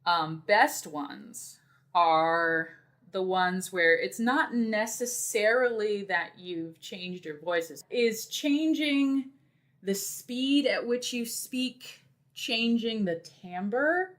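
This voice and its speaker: A woman's voice: mid-range voice, animated, a bit bright. A woman guest on a podcast, a dungeon master, talking casually and thoughtfully with lots of fillers. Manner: unhurried, thoughtful, many fillers.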